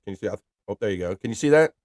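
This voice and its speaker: A man's voice: lowish voice, lively intonation, rapid-fire, noisy background. A man hosting a live stream in casual chat, reading viewer messages aloud in an upbeat, chatty way.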